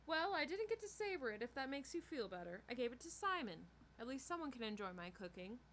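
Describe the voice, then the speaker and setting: A woman's voice: high-pitched, very animated, fairly quick, a little hiss or hum. Chirpy prim vampire lady, voiced by a woman reader. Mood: sulky. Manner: bright chirping voice that turns sharp.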